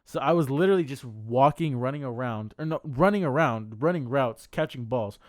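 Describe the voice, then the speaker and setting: A man's voice: medium pitch, lively intonation, fairly quick, dry recording. Young man, podcast co-host, casual storytelling, profane, rambling, dry recording. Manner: heavily profane, rambling with many fillers.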